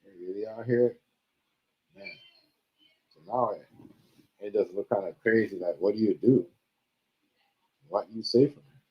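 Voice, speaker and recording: A man's voice: fairly low pitch, measured pace, pauses often. A man hosting a livestream, talking current events in casual slang with emphatic repetition. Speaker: livestream host. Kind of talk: casual commentary chat. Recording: dull lo-fi stream audio.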